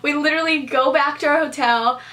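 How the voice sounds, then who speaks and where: A young woman vlogger telling a storytime to camera in a casual, animated way, peppered with "like" and acted-out quotes. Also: high voice, brisk. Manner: animated, expressive, heavy use of "like", acts out quotes.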